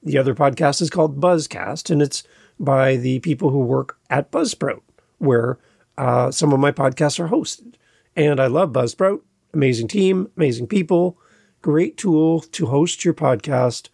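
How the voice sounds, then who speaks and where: A man's voice: on the high side, animated, measured pace, gravelly, darkish tone, husky, dry recording, studio quality. A man hosting his own podcast, talking casually and emphatically, repeating key words for stress. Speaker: podcast host. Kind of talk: casual solo podcast talk.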